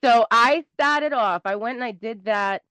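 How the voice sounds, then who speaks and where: Animated South Shore Massachusetts woman. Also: a little high, a little slow, dry recording. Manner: animated, rambling, laughs often. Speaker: comedian guest. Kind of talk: casual storytelling interview. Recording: dull lo-fi dry sound.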